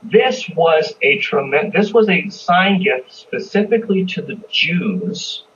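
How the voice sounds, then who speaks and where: Male Bible teacher, fairly high voice, chatty and questioning, recorded from a distance on dull lo-fi audio. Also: animated, slow pace, fairly bright tone. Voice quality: conversational, repeats and restarts, asks the listeners questions. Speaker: pastor teaching a Bible study.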